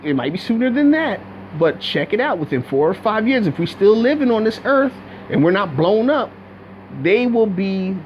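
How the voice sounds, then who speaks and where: A man's voice: sits high, highs cut off, a little hiss or hum. A man giving a blunt, profane, rambling commentary rant with many restarts. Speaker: video commentator.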